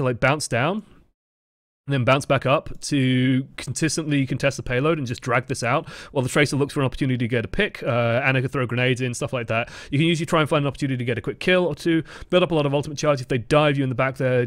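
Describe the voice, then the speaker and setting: A man's voice: mid-range voice, no room sound, studio quality. A man giving casual, profanity-laced esports analysis of match footage. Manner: casual, profane, lots of "like" fillers. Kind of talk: live match analysis commentary.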